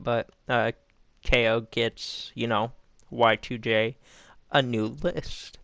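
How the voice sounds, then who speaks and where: A man's voice: medium pitch, fairly even intonation, normal speed, creaky, a bit bright, clear, resonant tone, no echo, studio quality. A young man casually recapping a wrestling show, rambling with lots of fillers and acting out what people said. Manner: rambling, filler-heavy, acts out quotes.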